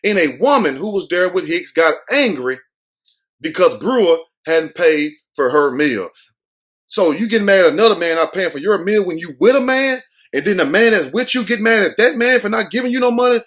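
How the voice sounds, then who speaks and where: A man's voice: high-pitched, lively intonation, moderate pace. Brash, mocking man riffing on the news. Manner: loud, mocking, street slang, acts out quotes. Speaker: commentary show host. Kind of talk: comedic news commentary.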